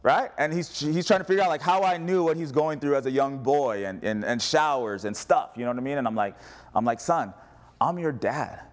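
A man's voice: medium pitch, fairly quick. A man in his thirties preaching a sermon as pastor, telling stories with laughs and acted-out dialogue. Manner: storytelling with laughs and quoted dialogue.

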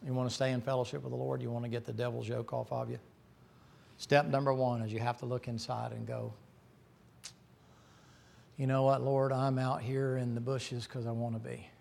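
A middle-aged man preaching a folksy, joking sermon that climbs to loud, shouting peaks. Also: mid-range voice, little pitch movement, normal speed, creaky, long pauses, slight background noise. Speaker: pastor.

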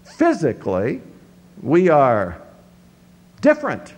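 A man's voice: on the high side, wildly swooping pitch, takes it slowly, darkish tone. A man pastor preaching a sermon, teaching verse by verse with sweeping rises and drops in his voice. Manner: teaching, walking through scripture verse by verse.

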